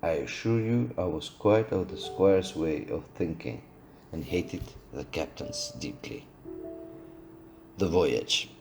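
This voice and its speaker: A man reading a classic adventure novel aloud, steady but with occasional slips and restarts. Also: sits low, slow, gravelly, over music. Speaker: audiobook reader.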